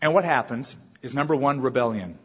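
A man preaching a sermon as pastor, animated, with acted asides. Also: medium pitch, brisk, slightly rough. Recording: dull reverberant church recording.

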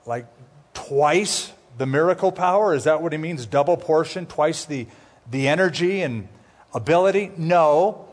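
A man teaching a Bible sermon as pastor, conversational with jokey asides, slowing down to spell out names. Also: a little high.

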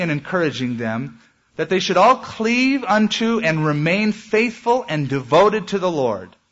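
Male preacher, slightly high and husky, delivering an animated sermon. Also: lo-fi sound. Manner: animated preaching with dramatic pitch swings. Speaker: pastor.

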